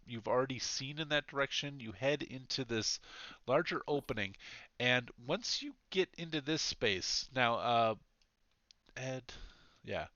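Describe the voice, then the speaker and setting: Bright-voiced male game master. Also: medium pitch, no room sound. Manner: relaxed, rambling, with many fillers and restarts. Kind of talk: narrating a tabletop game. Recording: dull, slightly lo-fi mic.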